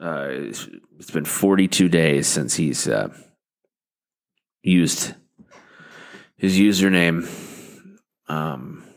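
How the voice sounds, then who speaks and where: A man hosting a comedy podcast, talking in a halting, deadpan way with many fillers and restarts. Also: a bass voice, creaky. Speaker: podcast host. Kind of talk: rambling comic podcast talk.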